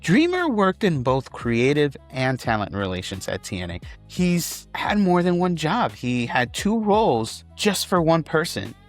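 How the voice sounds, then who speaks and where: A man's voice: a little high, wildly swooping pitch, a little slow, hardly any pauses, soft background music. A man hosting an online wrestling news commentary, speaking emphatically and repeating phrases for weight.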